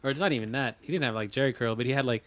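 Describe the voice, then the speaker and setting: A man's voice: medium pitch, rapid-fire, a bit bright, no room sound. A man co-hosting a podcast, rambling loosely and profanely about a film scene. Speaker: podcast co-host. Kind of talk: casual film chat.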